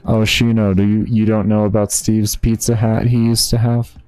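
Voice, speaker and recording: Deep-voiced man chatting with his stream. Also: level tone, normal speed, darkish tone, smooth. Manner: laid-back, slangy, talking to viewers. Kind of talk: casual chat with live chat. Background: faint background music.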